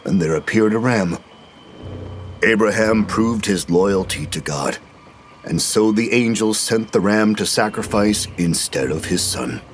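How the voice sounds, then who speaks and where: Man voicing deep-voiced preaching zealot killer. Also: expressive, measured pace, slight background noise. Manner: solemn preaching scripture. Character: zealous middle-aged male religious killer.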